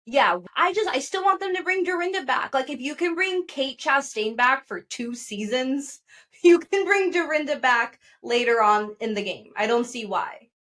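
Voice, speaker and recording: A woman's voice: sits high, normal speed. A woman co-hosting a pop culture podcast, gossiping in a casual chat and acting out what people said. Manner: animated gossiping, acts out quotes. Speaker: podcast co-host.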